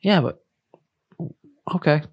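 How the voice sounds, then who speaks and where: Crude joking co-host. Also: male voice, takes it slowly. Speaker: podcast co-host. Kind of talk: casual chat.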